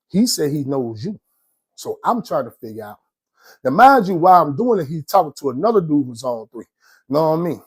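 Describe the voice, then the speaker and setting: Atlanta guy spinning prison stories, husky voice on the higher side, animated and slangy. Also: moderate pace, no room sound. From Georgia. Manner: animated, slangy, laughs often between lines. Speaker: vlogger telling prison stories. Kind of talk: casual storytelling.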